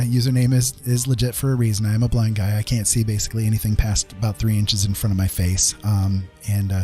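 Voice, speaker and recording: A man hosting a casual live-stream chat, earnest and reassuring, talking haltingly with many fillers and restarts. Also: lowish voice, a little mellow. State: getting a little emotional.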